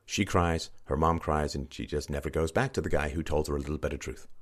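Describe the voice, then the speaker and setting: A man with a very low voice talks through a news article, reading passages and stopping to comment. He is emphatic and keeps repeating his key points. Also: quick pace. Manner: emphatic, repetitive, swings into mocking higher-pitched quoting.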